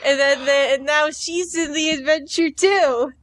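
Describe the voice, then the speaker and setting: Woman co-host, high voice, rambling casual podcast chat. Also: fairly even intonation, a little slow, fairly bright tone. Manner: rambling, filler-heavy, acts out characters.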